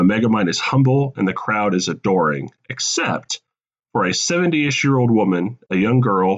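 Man, deep voice, casual comedic storytelling, dull lo-fi mic. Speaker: podcast co-host pitching a sequel.

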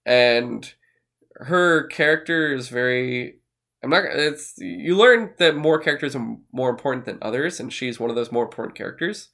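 A man's voice: mid-range voice, lively intonation, normal speed, pushed and bright. A man co-hosting a casual podcast, rambling with fillers and restarts, swearing now and then. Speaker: podcast co-host. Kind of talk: casual chat.

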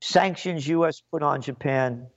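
A man's voice: on the high side, measured pace. A man from the Bronx, giving a sarcastic, indignant solo commentary and reading aloud with emphatic asides. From the Bronx, New York. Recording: muffled lo-fi recording.

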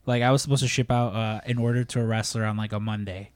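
A man's voice: on the low side, fairly even intonation, fast talker, clear, resonant tone, dry recording. A man co-hosting a podcast, telling rambling workplace stories in casual chat and swearing freely. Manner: rambling anecdotes, acts out quotes, swears freely. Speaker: podcast co-host.

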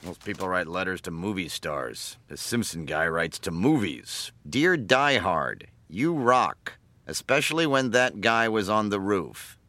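An actor voicing a snarky male cartoon townsman who reads out a letter in a mocking, drawn-out way. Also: low voice, very animated, bright, forceful tone, a little hiss or hum, exaggerated voice.

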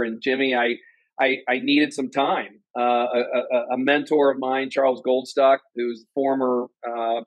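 A mid-pitched Ohio man in his fifties, once a company president, shares his personal story as an interview guest, earnest and animated throughout. He shifts into a higher voice whenever he acts out a quote. The sound is dry and close with no echo, though the recording quality is low.

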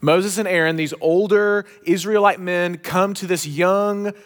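A pastor preaching a sermon, telling a story with emphatic, shifting pace. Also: male voice, sits high, steady tone, measured pace.

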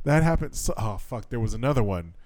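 At medium pitch and a slightly quick clip, a male podcast co-host chats casually, laughing and swearing while telling stories with plenty of energy.

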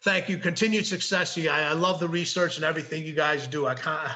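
A man's voice: on the high side, steady tone, quick pace, pushed and bright. A man speaking as a guest author, giving motivational advice and repeating key phrases for emphasis. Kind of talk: motivational interview talk.

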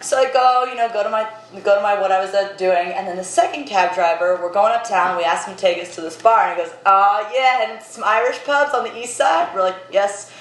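A young woman telling a lively anecdote on a casual podcast. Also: mid-range voice, quick pace, few pauses. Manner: animated anecdote teller. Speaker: podcast segment presenter. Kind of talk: casual storytelling. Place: apartment room. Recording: echoey room, faint noise.

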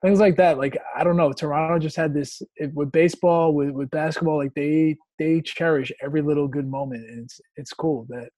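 A man hosts a podcast over a video call, speaking in a relaxed, chatty way that drifts into fillers. His voice is fairly high yet warm and mellow, and it sounds dry and close. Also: fairly quick, few pauses, no echo. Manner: relaxed, conversational, trails off into fillers. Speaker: podcast host. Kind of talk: casual chat.

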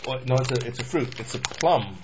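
A man's voice: mid-range voice, brisk, a loud crowd. A man hosting a casual snack-tasting chat with friends, rambling and laughing easily. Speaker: host. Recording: lo-fi with steady noise.

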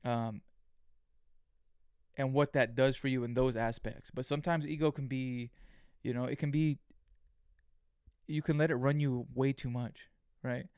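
A man talks alone into the mic in a loose, meandering way, peppering his thoughts with swearing, fillers and false starts. His voice is clear and smooth, in a middle pitch. The sound is dry and close, with no room around it. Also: fairly even intonation, measured pace, pauses often, a little mellow, no room sound. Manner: rambling, profane, many fillers and restarts. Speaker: podcast host. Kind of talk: casual solo monologue.

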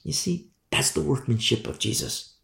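Fervent gravelly-voiced man preaching. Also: mid-range voice, expressive, normal speed, fairly bright tone. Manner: fervent, emphatic repetition. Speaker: Bible teacher. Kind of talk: sermon. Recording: roomy echo.

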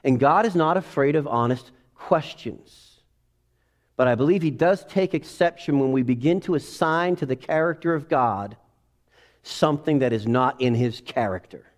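Guy preaching to his church, gets real loud then drops quiet, kinda high voice. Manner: dynamic preaching, swinging from quiet asides to loud exclamations. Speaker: pastor. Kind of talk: sermon.

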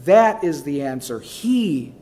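A male pastor delivers a sermon in a fairly high voice. He drives his points home by repeating them, dropping into quiet low asides before rising into loud calls. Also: very animated, slow pace. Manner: emphatic, repeats key phrases.

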